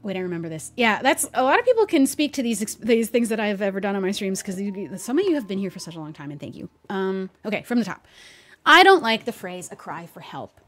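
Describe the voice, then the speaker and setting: A woman's voice: medium pitch, big pitch swings, fast, hardly any pauses. A woman streamer speaking earnestly and emotionally to her viewers, close to tears. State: tearful, near crying.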